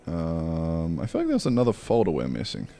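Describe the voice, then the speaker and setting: A man's voice: low-pitched, wildly swooping pitch, normal speed, gravelly, mellow, soft background music. A man thinking aloud in casual live-stream chat while he programs, mumbling along with fillers.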